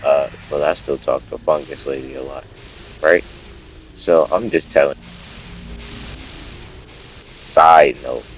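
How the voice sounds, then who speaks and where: A man's voice: very deep voice, a bit bright. A young man telling a story off the cuff to camera, rambling and profane, breaking off into asides and correcting himself. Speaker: storytime vlogger. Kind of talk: unscripted casual storytelling.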